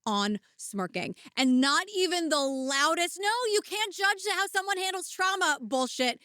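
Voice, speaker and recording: High, bright-voiced sarcastic woman co-host. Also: animated, unhurried, no room sound, clean studio sound. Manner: blunt, sarcastic, swears freely. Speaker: podcast co-host. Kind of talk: casual true-crime chat.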